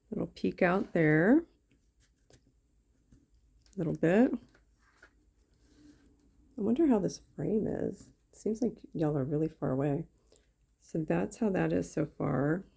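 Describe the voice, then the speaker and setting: A woman's voice: low-pitched, vocal fry, warm tone, husky. A woman chatting casually as she crafts on camera, thinking aloud with lots of fillers. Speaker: craft YouTuber. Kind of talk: casual craft-along chat.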